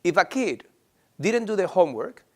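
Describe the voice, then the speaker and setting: Animated man explaining parenting ideas. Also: high-pitched, normal speed. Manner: animated, acts out parent and child dialogue. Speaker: parenting teacher. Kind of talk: explanatory talk to camera.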